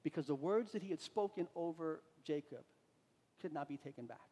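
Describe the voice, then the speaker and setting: A man with a high, light voice preaches a sermon, telling the story like a chat and often restarting his sentences. His voice rings out with a long reverb trailing behind it, as if he were in a big hall. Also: lively intonation, a little fast, mellow. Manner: conversational storytelling with frequent restarts.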